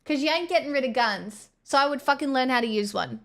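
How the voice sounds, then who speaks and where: Blunt Australian woman, fairly high voice. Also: animated, a little fast. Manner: blunt, swearing, rambling with restarts. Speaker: streamer. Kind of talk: casual chat reading viewer messages.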